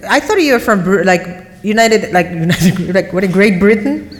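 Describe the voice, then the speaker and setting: A woman's voice: mid-range voice, normal speed, long reverb tail. Giggly Japanese-accented woman. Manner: giggly, playful, animated. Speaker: co-host. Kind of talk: casual chat.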